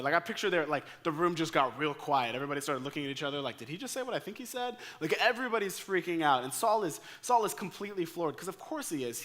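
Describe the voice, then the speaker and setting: An American man preaching a sermon, telling a story with lively acted-out quotes. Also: a little high. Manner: energetic storyteller acting out quoted lines. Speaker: pastor.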